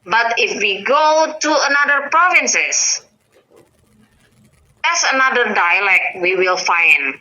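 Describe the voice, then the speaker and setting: Indonesian-accented woman, very bright edgy voice, animated explaining, lots of uh and um, muffled lo-fi call audio. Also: takes it slowly. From North Sumatra, Indonesia. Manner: animated, frequent pitch rises, searching with uh and um. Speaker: guest explaining language. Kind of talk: casual explanatory chat.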